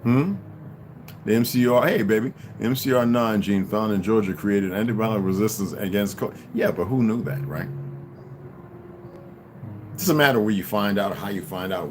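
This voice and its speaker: Background noise surrounds a man in his fifties speaking at normal speed in a voice on the low side. His livestream monologue rambles bluntly and profanely, stream-of-consciousness style, with repeated words and restarted sentences.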